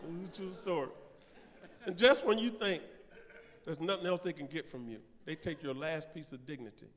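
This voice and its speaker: A man's voice: fairly high pitch, a little slow, pauses often. A man performing live stand-up comedy in a large theater, telling a story and acting out both sides of each conversation. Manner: animated, acts out both sides of conversations with big vocal swings. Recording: live theater recording with long hall reverb.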